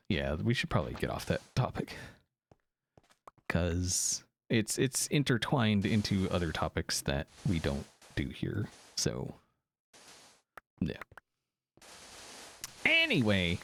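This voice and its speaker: A man's voice: fairly low pitch, slow, vocal fry, pauses often, slight background noise. A man streaming casually while gaming, rambling and interrupting himself as he chats. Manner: rambling, animated, self-interrupting.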